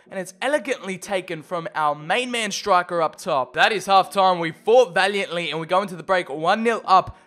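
A young man commentating on his own football video game match, shifting from calm play-by-play to loud excited shouts. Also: sits high. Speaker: gaming video creator. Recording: faint background music.

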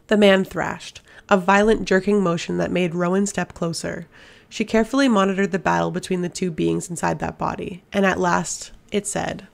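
A woman reading a fantasy novel aloud in a measured, steady narration. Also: on the low side, creaky. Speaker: audiobook reader. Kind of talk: fiction audiobook narration.

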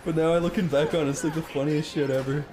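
A man's voice: a little high, steady tone, quick pace. A young Irish man with an Irish accent, telling a rambling story and laughing through it as he co-hosts a game stream. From Ireland. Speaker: co-host. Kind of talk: casual storytelling over gameplay.

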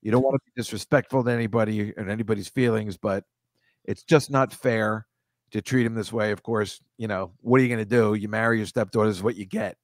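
A man's voice: on the low side, fairly even intonation, fairly quick, no echo. A man hosting a comedy podcast, riffing casually with rambling, profane, sarcastic asides.

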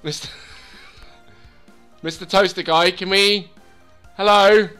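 A man giving let's play commentary, excitable and swearing as he talks to the game. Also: sits high, takes it slowly, clear, resonant tone, soft background music. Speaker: gaming channel host.

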